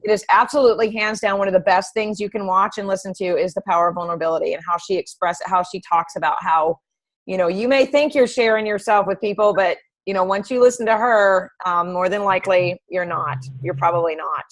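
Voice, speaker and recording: A middle-aged woman training health coaches in a casual call, chatty and animated, telling anecdotes. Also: mid-range voice, fairly quick, low-quality recording.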